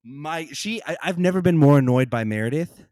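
A man co-hosting a film podcast, recapping scenes in a lively, chatty way and laughing often. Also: a little high, normal speed, dry recording, clean studio sound. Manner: animated, laughs often, acts out quotes. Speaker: podcast co-host. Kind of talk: casual film discussion.

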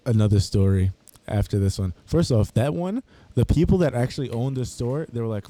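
A young man rambles through work stories while chatting casually with friends, laid-back and full of New York slang and laughter. His voice is medium-pitched and warm, brisk, with lively intonation.

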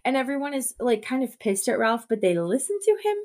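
A woman co-hosting a casual book podcast, talking in an animated way and acting out characters' lines in quick voices. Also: fairly high pitch. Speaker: podcast co-host.

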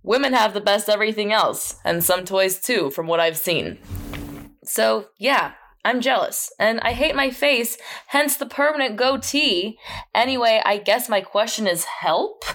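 A woman's voice: mid-range voice, lively intonation, measured pace, fairly bright tone. A woman voicing a frank male listener, reading out his letter with a blunt, tough-guy delivery. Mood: earnest.

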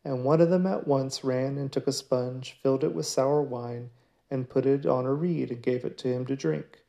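Man, gravelly, dark-toned, measured scripture reading. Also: medium pitch, muffled recording. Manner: measured, steady reading with small slips. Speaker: scripture reader.

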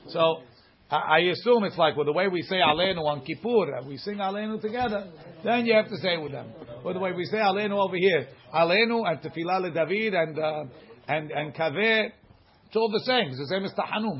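Fast-talking man teaching a religious class. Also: on the high side. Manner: reads source text quickly, then explains it casually. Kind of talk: religious law class, reading and translating. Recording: dull lo-fi recording.

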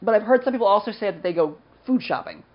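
A man's voice: high voice, animated, fast, lo-fi sound. A man co-hosting a podcast in casual, jokey chat, laughing often. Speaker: podcast co-host.

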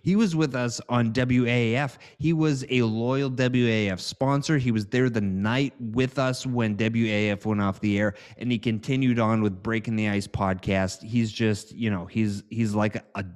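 A man's voice: mid-range voice, steady tone, normal speed, hardly any pauses. A man hosting a podcast, reading sponsor spots in a loose, giggly, rambling way. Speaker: podcast host. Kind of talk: casual sponsor read.

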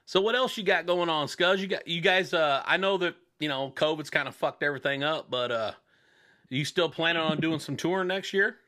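A man's voice: a little high, brisk, sharp tone. A man hosting a radio show, chatting casually and telling a long crude joke in a rambling, profane way. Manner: profane, rambling storyteller who voices the joke's characters.

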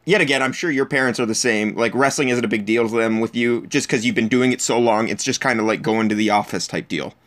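A man hosting a podcast in casual chat, chatty and quick to laugh, swearing casually. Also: mid-range voice, fairly bright tone. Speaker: podcast host.

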